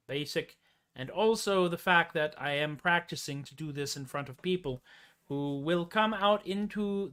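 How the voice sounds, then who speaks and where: A man hosting a folk music show, rambling between songs in a deliberately bad put-on Irish accent, self-deprecating. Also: on the high side. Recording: loud guitar music under the voice. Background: loud acoustic guitar.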